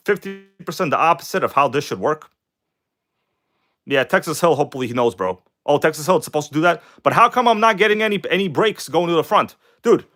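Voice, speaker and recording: A man hosting a casual live stream, chatting excitedly with viewers and reading their comments aloud. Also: on the high side. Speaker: RC car livestream host.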